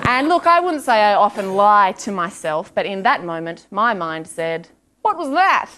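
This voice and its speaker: A young woman doing a stand-up comedy set on stage, self-deprecating, with quick asides and acted-out quotes. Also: medium pitch, expressive. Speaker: stand-up comic. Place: comedy stage before live audience. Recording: live room with audience laughter and noise.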